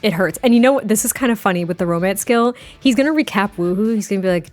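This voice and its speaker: A woman's voice: mid-range voice, quick pace, hardly any pauses, soft background music. A young woman giving casual, chatty gameplay commentary, giggling often and restarting her sentences. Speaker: gaming creator.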